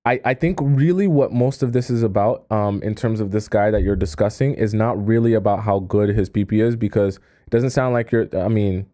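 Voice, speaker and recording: Mellow-voiced man giving casual dating advice. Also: fairly low pitch, normal speed, few pauses. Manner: chatty, keeps checking in with "okay?"; coy euphemisms, restarts often. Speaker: dating coach host. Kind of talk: casual live-stream advice.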